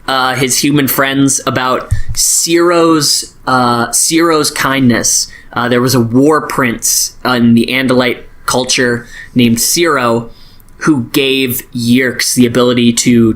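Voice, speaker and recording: Casual podcast host recapping with voices. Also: male voice, medium pitch, a bit bright. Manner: loose, profane, acts out characters in quick voices. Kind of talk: casual chat recapping a book.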